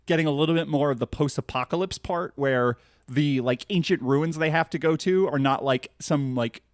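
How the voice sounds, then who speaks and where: A man's voice: fairly high pitch, moderate pace, no room sound, clean studio sound. A man co-hosting a podcast, recapping a cartoon in casual chat, rambling with lots of fillers and restarts. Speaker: podcast co-host.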